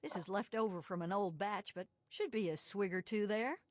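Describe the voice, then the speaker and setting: A woman's voice: medium pitch, moderate pace, dry recording, natural voice. An actress voicing a sly, folksy backwoods moonshiner woman with a Southern drawl in a game. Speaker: game character.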